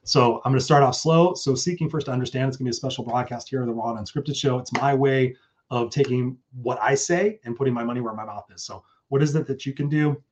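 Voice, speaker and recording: A man's voice: mid-range voice, fast talker. A man hosting his own live stream, talking casually and effusively with some swearing, and reading out chat comments. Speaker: host.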